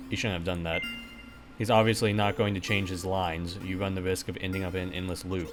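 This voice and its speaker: A man's voice: sits low, flat delivery, a little fast. A man voicing the inner voice in a game playthrough, dry and matter-of-fact. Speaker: game streamer. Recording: music playing underneath.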